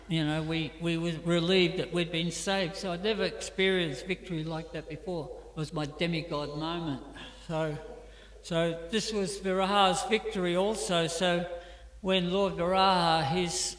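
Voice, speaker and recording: High-voiced Australian man telling stories. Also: a bit bright. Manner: chatty, anecdotal, many fillers. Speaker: class speaker. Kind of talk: storytelling scripture class. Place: temple hall. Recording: echoey temple hall.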